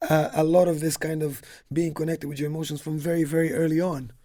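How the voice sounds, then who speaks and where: A man's voice: fairly high pitch, level tone, quick pace, dark tone. A man as guest in a casual book discussion, explaining ideas in long, hesitant sentences.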